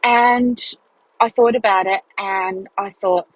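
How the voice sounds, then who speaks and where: A woman's voice: medium pitch, moderate pace, breathy edge, low-quality recording. A woman telling a personal story in a chatty podcast monologue, acting out the dialogue with big jumps in her voice. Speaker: business mentor and podcast host.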